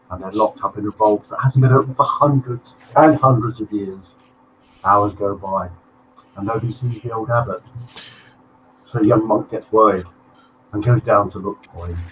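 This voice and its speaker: A man co-hosting a live talk show, telling a long joke like an animated storyteller who takes his time. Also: lowish voice, slight background noise, rough recording. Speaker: co-host telling the weekly joke.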